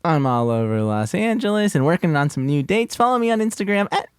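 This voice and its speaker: A man's voice: a little high, sing-song, brisk, smooth, no echo, studio quality. A man co-hosting a comedy podcast, throwing in upbeat quips during casual chat. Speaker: podcast co-host.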